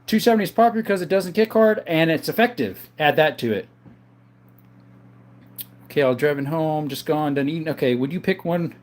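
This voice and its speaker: A man with a fairly high-pitched voice hosts a laid-back livestream from home. He reads out viewer names and chats back, easygoing and unhurried. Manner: calls viewers brother. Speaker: livestream host answering viewer chat. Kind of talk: casual live chat. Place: home, in front of a counter.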